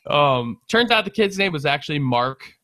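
A young man casually telling a long story on a podcast, animated, swearing and laughing as he goes. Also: on the high side, moderate pace, dry recording. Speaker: podcast co-host.

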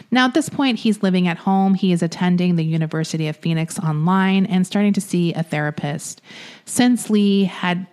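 A woman with a fairly low voice casually tells a true-crime story on a podcast. She chats loosely, with frequent laughter and filler words. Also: normal speed, darkish tone. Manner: chatty, laughs often, uses fillers. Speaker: podcast co-host.

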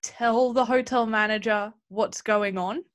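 Woman pitching plot ideas at an easy drawl, filler words everywhere. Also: fairly even intonation. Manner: slow, rambling with many fillers. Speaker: playwriting group member. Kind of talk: casual brainstorming chat.

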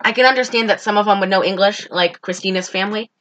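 A woman co-hosting a casual movie review chat, exasperated and animated, acting out characters' lines as she recaps. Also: medium pitch, fast talker, highs cut off, a little hiss or hum. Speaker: podcast co-host.

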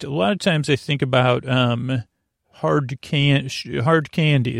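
A man hosting a sleep podcast, talking in a creaky voice and wandering off on tangents in a meandering bedtime ramble. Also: medium pitch, no room sound, studio quality.

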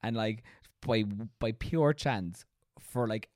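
A man's voice: on the low side, slow, a little mellow, dry recording, studio quality. A man from Munster with an Irish accent, co-hosting a casual podcast, playful and jokey. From Munster, Ireland. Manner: playful, jokey, does comic voices. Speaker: podcast co-host. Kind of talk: casual chat.

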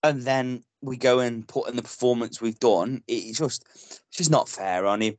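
An on-man on a football podcast, blunt and passionate and swearing freely as he rates the players. His mid-pitched voice sounds close and dry, with no room around it. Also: normal speed, a little mellow, no echo. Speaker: podcast co-host. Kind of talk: casual football podcast chat.

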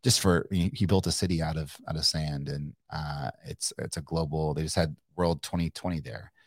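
Middle-aged man from Kentucky, very low voice, dry close sound; animated, profane storyteller full of restarts. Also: moderate pace, slightly rough, no echo. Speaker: guest entrepreneur. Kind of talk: casual storytelling interview.

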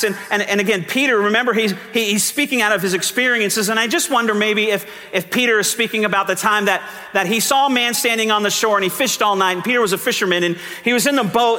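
In a church sanctuary, a man with a high, sharp-toned voice preaches a sermon as pastor. He's earnest and conversational, often starting his sentences over, and long church reverb surrounds him.

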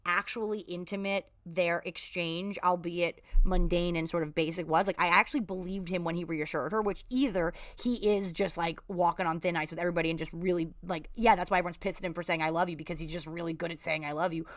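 A woman's voice: on the low side, steady tone, fast, hardly any pauses, no echo, studio quality. A woman co-hosting a casual podcast recap, talking in long rambling runs full of "like" and "you know what I mean.". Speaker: podcast co-host.

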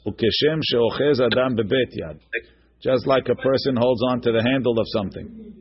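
A man's voice: medium pitch, normal speed, breathy edge, dull audio. A man teaching a text-study class, reading each line aloud, then translating and explaining it with frequent restarts. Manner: repeats and restarts words while explaining. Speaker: Talmud teacher.

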